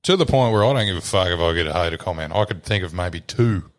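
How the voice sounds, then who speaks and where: A man's voice: sits low, animated, fast talker. A young Australian man, a podcast guest, chatting casually, swearing freely and laughing at his own stories. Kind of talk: casual chat.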